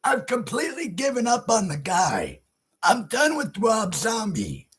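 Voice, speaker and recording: A man with a strikingly high, very husky voice rants through a horror movie review. He talks slowly and heavily, shouting and cursing as he complains. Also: huge pitch swings. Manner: loud, profane, often shouting. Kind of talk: ranting video review.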